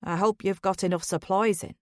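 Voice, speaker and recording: A woman's voice: mid-range voice, fairly even intonation, fairly quick, no room sound, clean studio sound, natural voice. A woman voicing an Irish taxi driver, blunt. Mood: blunt, matter-of-fact.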